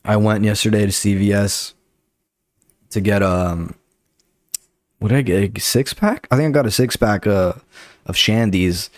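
Casting: a low-voiced guy comic, rambling and cursing, recorded dry and close. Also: unhurried, long pauses, no room sound. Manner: profane, rambling, loose. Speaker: comedian and podcast host. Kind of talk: casual comedic storytelling.

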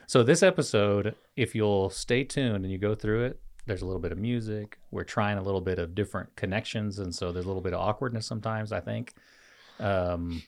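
A man's voice: on the low side, fairly quick, dry recording. A man co-hosting a podcast in a loose, joking chat, laughing often as he talks. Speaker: podcast co-host. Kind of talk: casual chat. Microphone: studio mic.

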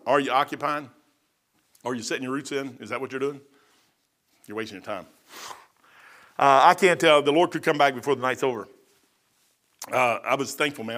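A man's voice: mid-range voice, fairly bright tone. Folksy man preaching a sermon. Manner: folksy, repeats phrases, says "man" often. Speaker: pastor. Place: church.

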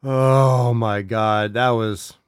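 A man hosting a podcast, talking in an exasperated, profane way straight to his listeners. His pitch sits in an ordinary middle range for a man. The sound is close and dry, with no room to it. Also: steady tone, very slow, clean tone, dry recording. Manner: exasperated, swears freely, talks straight to his audience. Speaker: podcast host. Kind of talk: casual profane commentary.

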